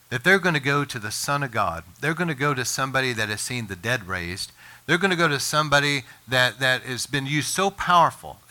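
A man preaching a sermon as pastor, earnest and impassioned, his voice climbing higher and louder when he presses a point. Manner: impassioned preaching, rises in pitch and volume when emphatic.

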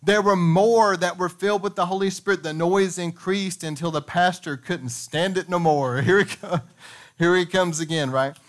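A pastor with a high voice preaches in church at a normal speed, reading a revival story aloud. He breaks off for animated asides to the congregation.

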